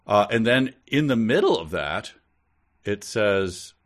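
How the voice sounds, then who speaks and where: Podcast co-host, male, low lively delivery, laughs a lot, reads bits of the book aloud with mock disbelief. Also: slow. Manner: amused, laughs often, mock-reads lines. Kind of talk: casual chat reviewing a book.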